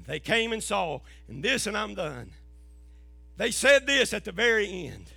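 A middle-aged man, preaching an impassioned sermon as a pastor and rising to shouts. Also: high voice, sing-song, a little slow, creaky, breathy edge, no room sound, soft background music.

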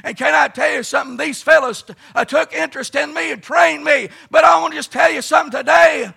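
A middle-aged man preaching a fervent, folksy revival sermon at a camp meeting, often shouting and telling homespun stories. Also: very high-pitched, brisk, gravelly. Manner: fervent, folksy storytelling with frequent "uh" and "let me tell you something".

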